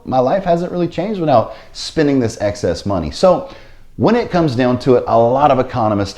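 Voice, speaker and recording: A man's voice: mid-range voice, mellow, muffled recording. A man hosting his own investing vlog, talking casually to camera with sarcastic asides and a habit of repeating stock phrases. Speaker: finance vlogger.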